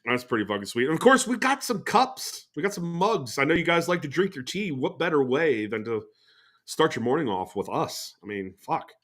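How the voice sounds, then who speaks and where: A man's voice: on the high side, big pitch swings, moderate pace, fairly bright tone. A man hosting a podcast in loose, rambling casual chat, swearing freely. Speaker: podcast host.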